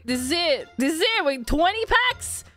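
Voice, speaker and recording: A young woman streamer giving excitable gaming commentary, shrieking and swearing as loot comes up. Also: very high voice, moderate pace. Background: background music.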